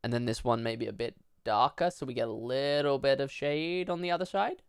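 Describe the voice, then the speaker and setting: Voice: medium pitch, steady tone, fairly quick, smooth, no room sound, studio quality. A livestreamer chatting casually at a home desk, rambling with lots of fillers and casual swearing. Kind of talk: casual live-stream chat.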